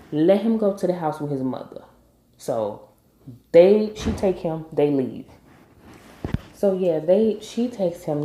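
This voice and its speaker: Woman doing a tv recap vlog, dark low voice, super emphatic and blunt, talks right at the characters. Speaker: TV recap vlogger. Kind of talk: animated casual episode recap. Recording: echoey room.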